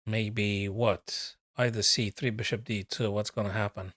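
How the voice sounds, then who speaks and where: A man with a fairly low voice gives casual live chess commentary as a coach. He is chatty, thinks aloud and talks straight to his viewers. The sound is dry and close. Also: flat delivery, unhurried, a bit bright, no room sound.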